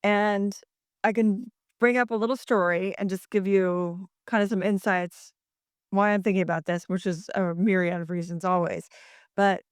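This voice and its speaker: A woman's voice: medium pitch, steady tone, normal speed, clean tone, dry recording, studio quality. A middle-aged woman on a podcast, telling a story in a chatty way with many fillers and small laughs. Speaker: podcast co-host. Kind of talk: casual chat.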